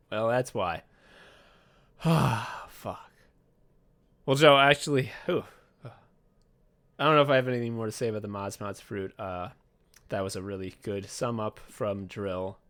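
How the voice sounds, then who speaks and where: A man's voice: mid-range voice, measured pace, long pauses, fairly bright tone, clear, resonant tone. A man co-hosting a podcast in casual comedic chat, swearing often and acting out whiny voices in his retellings. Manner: profane, sardonic, acts out whiny voices. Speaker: podcast co-host.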